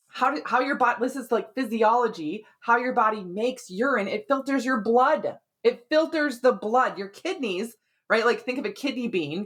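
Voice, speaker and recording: A woman with a slightly high voice hosts a health podcast as a hormone expert. She explains things in a chatty, conversational way, frequently checking in with "right?"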